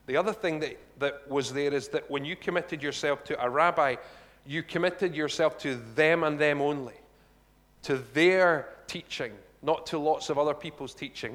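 A man giving a conversational sermon, animated and chatty, with asides to the congregation. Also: mid-range voice. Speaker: preacher. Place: church hall. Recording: long reverb of a large hall.

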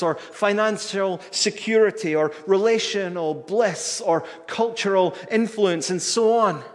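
A man's voice: high voice, in a large hall. A man preaching a sermon in a church, earnest and emphatic, using rhetorical questions.

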